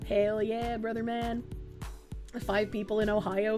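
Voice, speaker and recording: A woman's voice: fairly high pitch, moderate pace, faint music behind. A young adult woman streaming, chatting loosely through casual reaction commentary, swearing freely and reading chat messages aloud.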